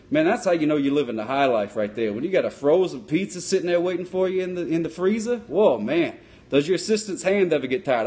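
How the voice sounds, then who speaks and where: A man's voice: mid-range voice, a little mellow, natural voice. A man voicing a dopey, boastful sock-puppet cop who rambles in a comic question-and-answer. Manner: rambling, dim-witted bravado.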